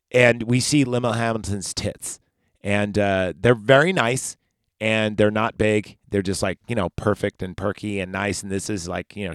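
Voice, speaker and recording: A man's voice: medium pitch, a bit bright, no room sound, studio quality. A man hosting a podcast, casually recapping a film in a rambling, profane, sarcastic way. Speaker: podcast host.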